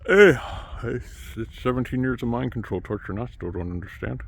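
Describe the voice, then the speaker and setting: A man talking in a rambling monologue who trails off quietly, then breaks into sudden loud outbursts. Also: mid-range voice, brisk, gravelly, breathy edge.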